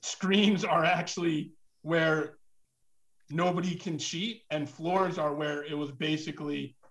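A man with a slightly raised pitch talks in a relaxed conversation. He explains things in a measured, patient way. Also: low-quality recording. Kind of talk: casual chat.

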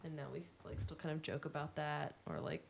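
A woman's voice: low-pitched, sing-song, a little fast, creaky. A woman in casual family chat, rambling and full of "like" as she thinks aloud. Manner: rambling, many likes. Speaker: family member.

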